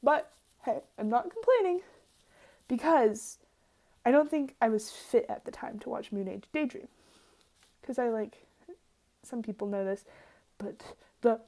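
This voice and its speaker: Rambling, excitable young woman, slightly high voice. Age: young adult. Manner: rambling, excitable, laughs often, swears casually. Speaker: art student vlogger. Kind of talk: casual sketchbook tour vlog.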